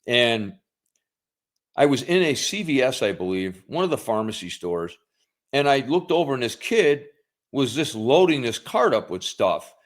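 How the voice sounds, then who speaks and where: A middle-aged man chatting on a podcast, telling a story in a folksy way with pauses. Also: medium pitch, big pitch swings. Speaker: podcast co-host. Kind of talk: casual political chat.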